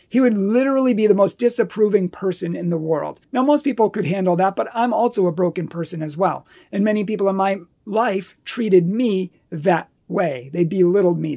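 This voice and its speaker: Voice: mid-range voice, mellow. Earnest Catholic speaker, emphatic repeats. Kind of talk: personal testimony talk.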